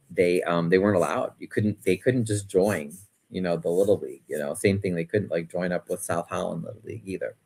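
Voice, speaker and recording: Low-voiced man in earnest, rambling chat. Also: gravelly, darkish tone, breathy edge. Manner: earnest, rambling, answers viewer comments. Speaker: channel host. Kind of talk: casual live-stream commentary.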